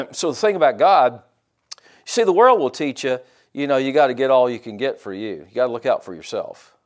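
A man's voice: mid-range voice, lively intonation, a little fast. Folksy joking male preacher. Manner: folksy, joking, repeats amen and hallelujah. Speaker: pastor. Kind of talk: sermon.

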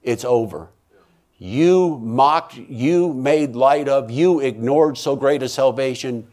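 Speaking slowly and intensely, this preaching man tells an emotional testimony as a minister. He swings between loud pleading and hushed low tones, repeating and restarting phrases for emphasis.

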